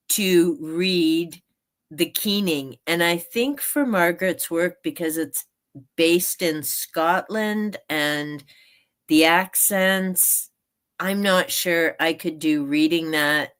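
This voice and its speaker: A woman talks through her reading plans on a live stream in a loose, wandering way and laughs a lot. Her voice sits a little low. She takes her time over every phrase. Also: fairly bright tone. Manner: chatty and meandering, laughs often. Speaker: book channel host. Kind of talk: casual live-stream chat.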